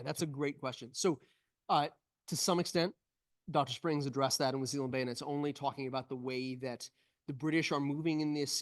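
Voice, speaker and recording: A man, a historian and author, answering audience questions after a lecture, thoughtful and explanatory. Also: mid-range voice. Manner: explanatory, thoughtful, enthusiastic about details. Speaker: historian and book author, guest speaker. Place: event room with in-person and online audience.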